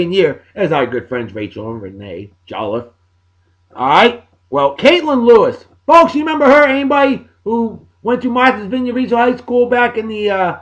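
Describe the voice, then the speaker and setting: Exuberant New man, lively pitch. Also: dull audio. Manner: exuberant, folksy catchphrases. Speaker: podcast host giving birthday shout-outs. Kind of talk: casual chat.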